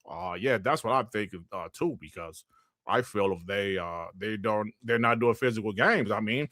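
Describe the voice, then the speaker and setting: A man's voice: mid-range voice, sing-song, normal speed, pushed and bright, dry recording. A man hosting a casual livestream chat, rambling in slang and laughing often into a close mic. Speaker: host.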